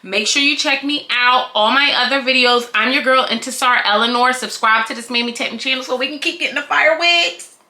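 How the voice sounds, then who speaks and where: Sassy, high-pitched woman vlogger. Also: brisk, pushed and bright, reverberant, a little hiss or hum. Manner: sassy, dramatic, swearing, laughing often. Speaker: beauty vlogger reviewing a wig. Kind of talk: excited casual vlog review.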